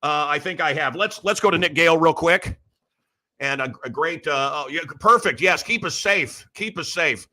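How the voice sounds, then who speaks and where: A man's voice: a little high, expressive, moderate pace, bright, forceful tone. Rambling brash middle-aged male host. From Chicago area. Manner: rambling storyteller, acts out quoted voices. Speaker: radio host. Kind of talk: casual opinionated monologue.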